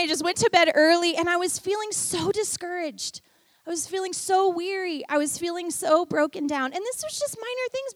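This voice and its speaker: High-voiced woman preaching a sermon. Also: no echo. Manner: warm storytelling, swings from hushed to emphatic.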